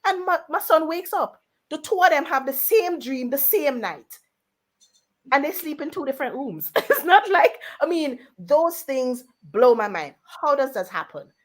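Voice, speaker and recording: A woman appearing as a radio guest tells a personal story with lively energy, in a high-pitched voice and at a slightly slow pace. When quoting family members, she puts on their voices.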